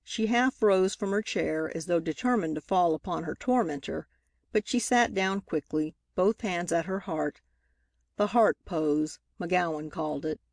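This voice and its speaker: A woman reading a novel aloud as scripted narration, lifting her pitch for the characters' lines. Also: a little slow, vocal fry, a little mellow, dry recording. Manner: reads dialogue with lifted pitch for characters. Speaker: audiobook reader.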